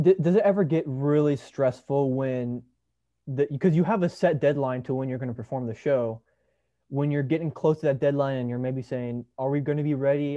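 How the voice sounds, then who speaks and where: Man, interviewer, mellow dark voice, hesitant rambling questions, dull lo-fi sound. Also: a little high. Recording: dull lo-fi recording.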